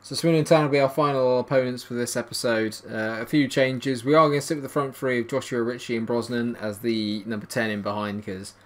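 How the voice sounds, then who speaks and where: A young man commentating his own football video game, calm between plays and shouting when goals go in. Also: medium pitch, brisk, few pauses. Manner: excitable, shouts at goals, dry jokes. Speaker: gaming YouTuber. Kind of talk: gameplay commentary.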